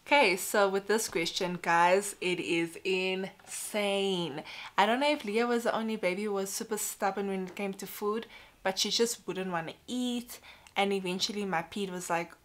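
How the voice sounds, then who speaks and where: A woman's voice: mid-range voice, moderate pace. A young woman talking candidly to camera in a casual personal vlog, chatty and full of "like" and "you know". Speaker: vlogger.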